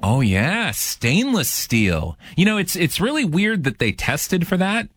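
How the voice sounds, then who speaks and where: Lively joking male radio host. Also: high-pitched, normal speed, a little hiss or hum. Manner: dry jokey banter, lively up and down. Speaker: radio host taking calls. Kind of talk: joking call-in chat.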